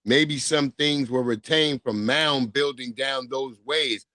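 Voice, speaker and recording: Brief: a blunt, easygoing male streamer, mid-pitched, dry and close to the mic. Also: fairly even intonation, slow, bright, forceful tone, no room sound. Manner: blunt, laid-back, rambling opinions. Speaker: livestream host. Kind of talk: casual chat.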